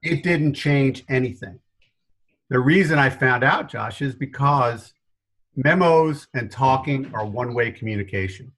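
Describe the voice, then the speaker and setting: A middle-aged man with a faint New York accent, a guest telling stories in an interview, animated and self-deprecating, laughing often. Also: medium pitch, unhurried, low-quality recording. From New York area. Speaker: guest consultant. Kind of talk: storytelling interview answers.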